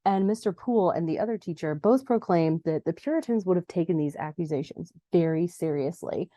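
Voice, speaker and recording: Young adult woman, podcast recap host; mellow, chatty, dry close mic. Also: fairly quick, dry recording. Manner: chatty, acts out quoted lines in a higher voice. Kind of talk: casual recap narration.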